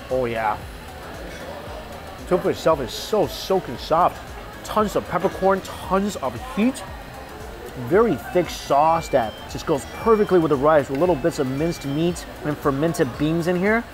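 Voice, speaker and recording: A man's voice: a little high, measured pace, pauses often. Enthusiastic man vlogging food, music behind. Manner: enthusiastic, chatty, savoring food between lines. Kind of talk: casual food review vlog. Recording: music bed under the voice.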